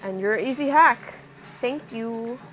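A woman's voice: on the high side, unhurried, slight background noise. Swearing woman narrating her gameplay. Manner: swears often, reacts loudly to scares, mutters to herself. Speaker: gameplay streamer. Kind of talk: casual let's-play commentary.

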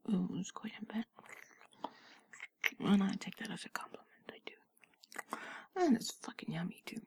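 A young adult woman in a whispered role-play, speaking in an intimate, teasing whisper close to the microphone, with soft hums and giggles. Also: mid-range voice, animated, unhurried, creaky, breathy edge, no echo.

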